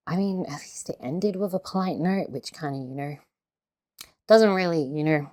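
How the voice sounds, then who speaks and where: A woman's voice: sits low, moderate pace, darkish tone. A woman in a heated, swear-filled vlog rant, tagging her points with constant questions. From Australia. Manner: heavy swearing, tag questions, heated ranting. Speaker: video host. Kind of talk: casual commentary vlog.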